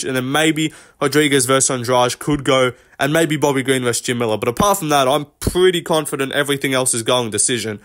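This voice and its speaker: A man talks through a fight press conference in a loose, rambling way. He is blunt and swears freely. His voice sits at an ordinary middle pitch. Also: fairly bright tone. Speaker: MMA commentary host. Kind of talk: casual reaction commentary.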